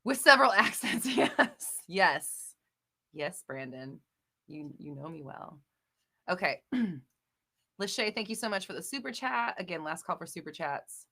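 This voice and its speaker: A woman with a lowish, pushed, bright voice and lively intonation hosts a casual live Q&A stream, speaking unhurriedly. She talks emphatically and rambles with many fillers and restarts while answering viewers and swearing freely.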